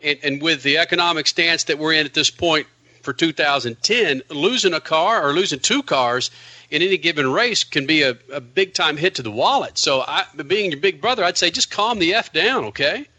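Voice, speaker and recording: A radio host man with a slightly high voice and a very bright, forceful tone. He teases his guest playfully, keeping the banter light. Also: lively intonation, moderate pace. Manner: teasing, playful.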